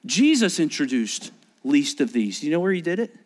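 A man's voice: a little high, big pitch swings, brisk. A man preaching a sermon as a pastor, talking conversationally, asking rhetorical questions and acting out quoted speech. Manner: acts out quoted speech in varied voices.

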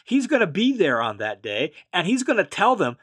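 A man with a voice pitched a little above the usual teaches scripture verse by verse. He explains each point patiently, then restates it in plainer words. He presses emphatically on the phrases that matter most. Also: wildly swooping pitch, moderate pace, fairly bright tone, husky. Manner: emphatic, leans on key phrases. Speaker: Bible teacher.

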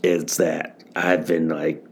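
Slow, gravelly-voiced man hosting a podcast. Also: rumbling low, level tone, darkish tone. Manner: repeats phrases, swears often, addresses listeners as guys. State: tired. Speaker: podcast host. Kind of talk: solo podcast monologue.

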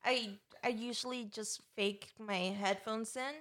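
A woman's voice: on the high side, steady tone, a little slow, a bit bright. A young woman co-hosting a casual podcast, telling work stories in a matter-of-fact way. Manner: matter-of-fact storytelling with small restarts. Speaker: podcast co-host. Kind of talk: casual chat.

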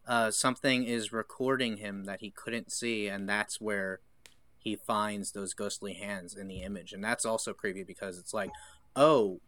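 A man's voice: on the low side, fairly even intonation, normal speed, a bit bright. A man co-hosting a casual film discussion, thoughtful and digressive, acting out quoted lines. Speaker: podcast co-host.

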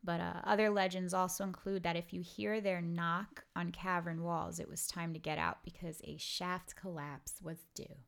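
A woman's voice: on the low side, level tone, moderate pace, gravelly, few pauses. Rambling, swearing woman podcaster from Brooklyn. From Brooklyn, New York. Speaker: podcast co-host. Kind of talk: casual chat.

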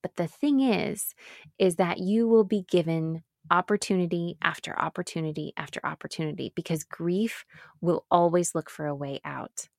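Earnest woman pastor, lowish dry voice. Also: steady tone, vocal fry, dry recording. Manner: earnest, emphatic, with repeated phrases and slow pauses. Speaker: pastor, writer and speaker. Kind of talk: reflective spoken talk on grief.

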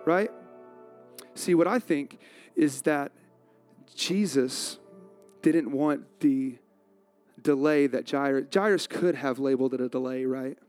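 A man pastor preaching a sermon in a conversational, animated way, acting out quotes from the story. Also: medium pitch, normal speed, soft background music.

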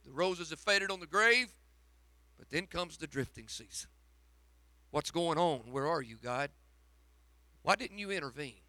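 A man preaching a sermon, dropping to a hush and then rising to shouts. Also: fairly high pitch, lively intonation, measured pace, long pauses, dry recording. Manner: swings from hushed to shouting, dramatic preaching. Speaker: pastor.

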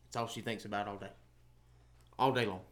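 A man's voice: lowish voice, fairly even intonation, a little fast. A man chatting easily on a podcast and laughing along with the others. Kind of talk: casual chat.

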